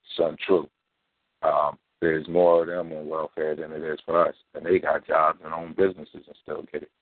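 A man hosts a call-in radio show in a very deep voice that barely rises or falls. He talks in a steady, laid-back way with frequent pauses, and his dry voice comes through a thin, tinny phone line. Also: dry recording. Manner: steady, laid-back delivery with frequent ums and throat clearing. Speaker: talk radio host. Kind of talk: casual talk radio commentary.

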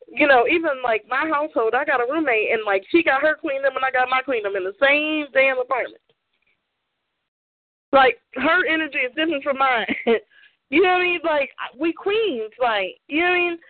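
A woman's voice: high-pitched, lively intonation, fairly quick, dry recording. A woman co-hosting a talk show, ranting her opinions bluntly, swearing freely and laughing often. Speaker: podcast co-host giving opinions. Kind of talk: casual opinion rant. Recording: tinny phone-like line, dry.

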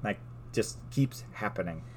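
A man co-hosting a podcast, telling lore stories in a casual chat, animated and laughing often. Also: on the low side, a little slow, slight background noise. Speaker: podcast co-host.

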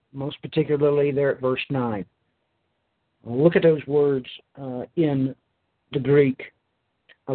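A tired man reads scripture aloud, then explains it to his listeners with plenty of hesitant fillers. His voice is husky, and the recording is thin and tinny, like a phone line. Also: medium pitch. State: tired, yawning. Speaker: Bible teacher. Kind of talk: recorded Bible lesson.

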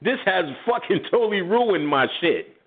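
A man's voice: high voice, moderate pace. A man hosting a radio show, telling a profane story in casual chat and acting out the people in it, laughing often. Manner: animated, laughing, acts out quotes in voices. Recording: phone-line audio.

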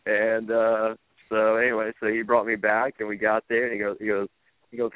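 A man guest telling wrestling-world stories in a casual interview, animated and laughing, acting out quotes in raised voices. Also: on the low side, a little fast, no room sound. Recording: tinny phone-like line, dry.

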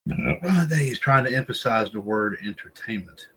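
A man with a mid-range voice hosts a casual wrestling podcast, rambling, looping through the same filler phrases and addressing his listeners as folks. He speaks unhurriedly with lively intonation, a sharp tone and a breathy edge, on a rough recording.

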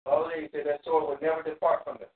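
A man teaching a Bible study over a tinny, phone-like call line, his voice a little higher than most men's. He reads scripture in a slow, measured cadence, then breaks it down casually with fillers. The sound carries a roomy echo. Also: flat delivery, distant mic. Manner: reads verses in slow, measured King James phrasing, then explains plainly with fillers. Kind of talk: reading scripture aloud and explaining it.

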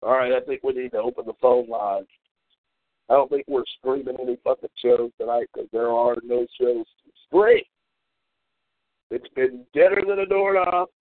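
A man's voice: mid-range voice, moderate pace, no room sound. Man, radio host, angry cursing rant, mocking tone, dry close sound, tinny audio. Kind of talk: ranting call-in radio monologue.

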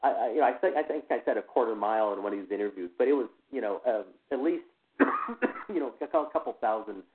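A man speaking as a guest in an interview, telling a personal account in a halting way, full of "you know" fillers and restarts. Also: medium pitch, expressive. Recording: tinny phone line.

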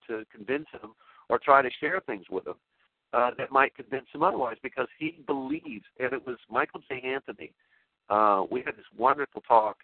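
A male talk show host in a rambling spoken monologue, excitable and emotional, often restarting his sentences. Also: mid-range voice, dry recording. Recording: tinny phone-line sound, dry.

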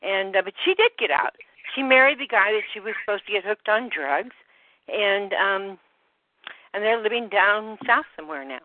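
A woman on a group phone call, slightly out of breath, talking in a halting way that trails off with many fillers. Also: medium pitch, animated. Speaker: call participant. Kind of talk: rambling phone call chat. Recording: dry phone-line audio.

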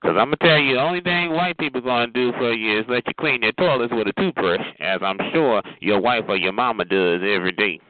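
A man's voice: medium pitch, a little fast, few pauses, no room sound. A man ranting on the phone in a sassy, mocking way, calling people honey and child. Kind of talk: profane phone rant. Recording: tinny phone line with faint noise.

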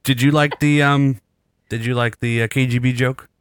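A raspy man hosting a podcast, rambling and self-mocking as he signs off the episode with frequent laughs. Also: medium pitch, fairly even intonation, moderate pace, dry recording, studio quality. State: raspy, rattling chest from illness. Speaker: podcast host. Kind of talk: casual podcast sign-off chat.

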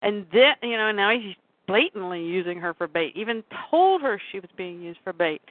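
A woman's voice: medium pitch, lively intonation, normal speed, dry recording. A woman co-hosting a casual chat about comics, talking loosely, laughing often and acting out quotes. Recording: tinny phone-like line.

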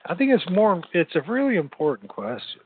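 A man's voice: high voice, wildly swooping pitch, fairly quick, slightly rough. Rambling man on a tinny line. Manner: rambling, repeats words, laughs easily. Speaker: podcast host. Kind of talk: casual late-night call-in chat. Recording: tinny phone-like sound.

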